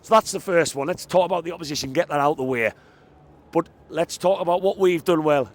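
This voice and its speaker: Holding a microphone near the football stadium after the game, a man excitedly shares his fan reaction for a vlog, chatty and emphatic. His voice is a little high and brisk, and the recording sounds dry.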